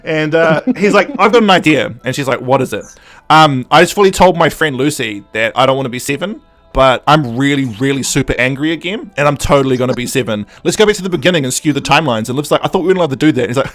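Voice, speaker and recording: A man co-hosting a podcast, casually recapping an episode and acting out the characters in quick asides. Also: mid-range voice, expressive, fairly bright tone. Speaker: podcast co-host.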